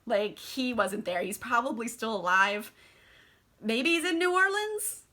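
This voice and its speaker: A woman's voice: a little high, animated, measured pace, bright, forceful tone. A woman voicing a hopeful, pushy male vampire who coaxes his companion in a casual way. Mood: coaxing, baffled. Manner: coaxing, casual.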